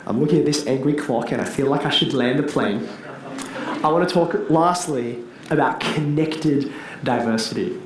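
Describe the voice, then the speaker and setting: A man, a teacher giving a lively public talk to an audience and asking them questions. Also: medium pitch, normal speed, a crowd in the background. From Australia. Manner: animated, asks the audience questions. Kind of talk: public speech. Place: large hall with audience. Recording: echoey hall, faint ambience.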